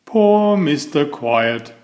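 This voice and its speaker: A man reading a children's picture book aloud, addressing the young listener playfully and drawing out his words. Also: a little high. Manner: animated, drawn-out, playful to children. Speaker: storybook reader.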